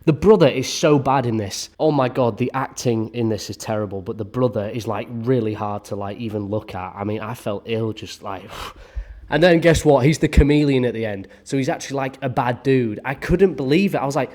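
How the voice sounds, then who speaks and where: Young guy, mid-pitched, ranting sarcastically through a bad-film review, swears freely. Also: brisk, a little mellow.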